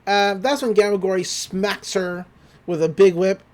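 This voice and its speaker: High-voiced guy recapping an anime. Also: steady tone, moderate pace, darkish tone. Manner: loose retelling, breezy paraphrased quotes, frequent fillers. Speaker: podcast co-host recapping an anime episode. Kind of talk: casual chat.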